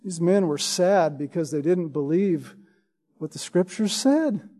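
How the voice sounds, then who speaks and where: Emphatic high-voiced male preacher. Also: unhurried, mellow. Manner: emphatic, often adds "right?". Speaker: pastor. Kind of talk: sermon.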